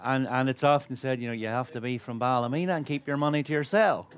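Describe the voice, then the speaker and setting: A man's voice: medium pitch, quick pace, slight background noise. A man interviewing a guest on stage, upbeat and teasing. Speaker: chef and broadcaster interviewing on stage. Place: stage at an awards event.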